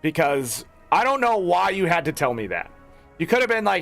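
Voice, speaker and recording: A young man commentating his gameplay with a high, bright voice that swoops widely up and down. He rants and swears in exasperation, with some gravel in his tone, and faint game music plays behind him. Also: very animated, moderate pace. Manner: profane, ranting and exasperated. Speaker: gaming streamer.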